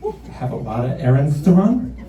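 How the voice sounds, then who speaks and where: A man's voice: a little high, big pitch swings, normal speed, dark tone, soft background music, voice pushed down. A male comedian voicing his fed-up wife who nags and scolds him, on a comedy club stage. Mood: pleading. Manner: pleading then scolding, weary and fed up. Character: comedian's nagging, exasperated middle-aged wife. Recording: roomy club sound from a distant mic, crowd laughing.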